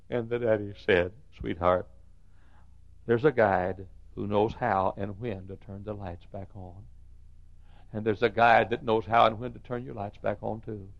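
A male pastor preaching a sermon in a church, swinging from near-whispers to shouts. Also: fairly low pitch, steady tone, moderate pace, creaky, no echo, lo-fi sound. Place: church sanctuary.

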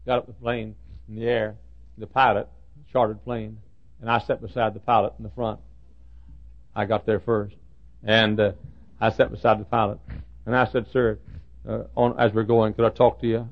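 An older man preaching a sermon, telling stories with many repeats and swinging between loud bursts and hushed asides. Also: on the high side. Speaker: pastor. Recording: dull lo-fi sermon recording.

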